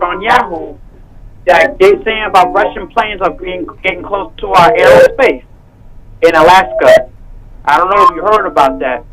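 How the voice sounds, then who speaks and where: A man's voice: high-pitched, poor audio. A man calling in to a talk show, rambling and filling his talk with "you know". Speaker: caller. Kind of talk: casual phone-in chat.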